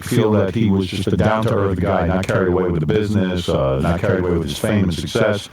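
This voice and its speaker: A male interviewer asks blunt, probing questions in an archival recording. His voice is somewhat low and reaches the mic from a distance, with a roomy echo around it. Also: brisk, darkish tone, a little hiss or hum.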